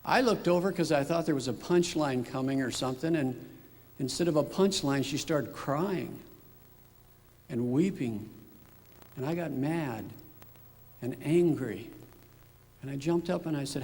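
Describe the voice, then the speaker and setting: A man's voice: fairly high pitch, unhurried, pauses often, a little mellow. A middle-aged man giving a personal testimony at church, telling a story and acting out remembered dialogue. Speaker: father giving a church talk. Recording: reverberant church hall.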